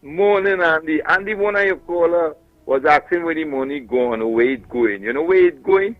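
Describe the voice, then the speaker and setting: A man's voice: a little high, moderate pace, no room sound. A man with a Trinidadian accent calling a radio show, talking scornfully. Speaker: caller. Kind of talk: call-in radio comment. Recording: dry muffled phone line.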